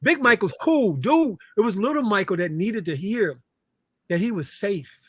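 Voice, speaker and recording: A man's voice: high-pitched, animated, moderate pace, slightly rough. A man, a relationship coach appearing as a guest, talking in an earnest, emphatic way and often repeating words. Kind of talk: casual chat.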